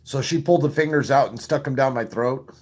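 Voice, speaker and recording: Man, crude comic storyteller, self-mocking, laughs at own jokes, coughing, medium pitch. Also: a little fast, a little mellow. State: coughing fits. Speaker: live-stream entertainer.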